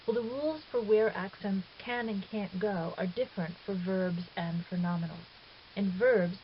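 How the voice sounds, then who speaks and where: A woman teaching a recorded grammar lesson, explaining step by step in a patient, methodical way. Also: mid-range voice. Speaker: Greek teacher. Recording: dull lo-fi audio with faint hiss.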